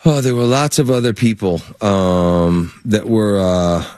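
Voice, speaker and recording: A man with a fairly low voice tells stories as an actor guest in an interview. He is animated and laughs easily. The sound is dry and close. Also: measured pace, dry recording. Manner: animated storyteller, laughs and acts out quotes. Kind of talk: anecdote-telling interview chat.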